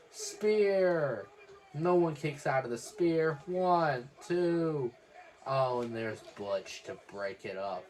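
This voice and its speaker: Man giving quick excitable wrestling play-by-play. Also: on the high side. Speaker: wrestling watch-along host. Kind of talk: casual live reaction commentary.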